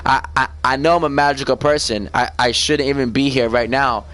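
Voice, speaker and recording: A man's voice: mid-range voice, steady tone, fairly quick, a bit bright. A man chatting in a casual, rambling way, often asking "you know what I mean" and stumbling over repeated words. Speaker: gamer vlogger. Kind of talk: casual rambling confessional chat.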